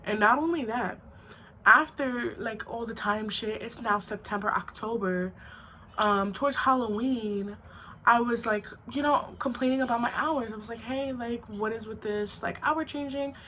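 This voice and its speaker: A woman's voice: a little high, normal speed, pushed and bright, slight background noise, low-quality recording. A young woman vlogger telling a storytime, blunt and profane, acting out both sides of an argument. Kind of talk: storytime vlog.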